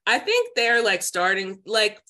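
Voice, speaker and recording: A woman's voice: medium pitch, unhurried. Chatty woman telling a story. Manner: chatty, many "like" fillers, animated quoting voices. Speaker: podcast guest, psychic intuitive. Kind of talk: casual storytelling chat.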